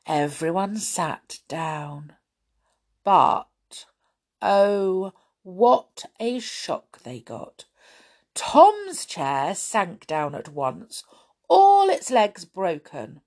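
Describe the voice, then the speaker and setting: A woman reads a children's story aloud in a slow, unhurried way. Her voice moves widely up and down with storytelling expression. She lingers on key words to build suspense. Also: lowish voice. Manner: expressive, lively, slow and deliberate.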